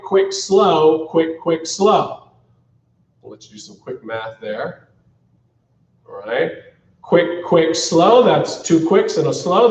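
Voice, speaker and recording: A man teaching a live-streamed dance class who counts beats aloud and keeps checking in with "all right?". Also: high-pitched. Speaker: ballroom dance instructor. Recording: echoey, distant, muffled studio sound.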